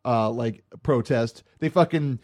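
A man's voice: mid-range voice, a little slow, a little mellow. A man co-hosting a casual podcast, riffing loosely and profanely.

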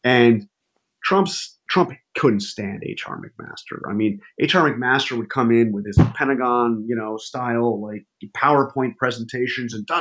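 Speaking at a medium pitch and a slightly slow pace, a male journalist recounts stories in a relaxed interview. He's animated, with many restarts and fillers.

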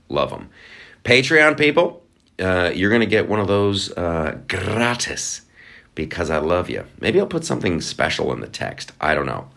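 A man's voice: low-pitched, gravelly, a bit bright. A man hosting a solo podcast in a casual, rambling, sarcastic way, with playful asides. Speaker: podcast host.

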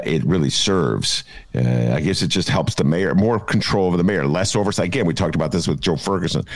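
Deep-voiced man, lively and musing. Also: vocal fry, no echo. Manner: animated, musing, many fillers. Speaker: host. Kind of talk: casual political talk.

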